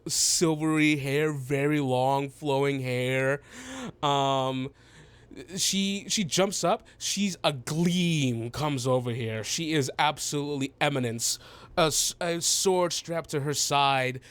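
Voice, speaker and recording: A man narrating as game master, halting with many fillers and restarts. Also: on the high side, clear, resonant tone.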